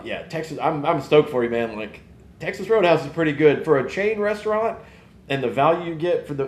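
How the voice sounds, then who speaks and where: A man's voice: medium pitch, slight background noise. Rambling chatty man in an echoey room. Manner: rambling, animated, swears casually. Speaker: podcast host. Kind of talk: casual live-stream chat.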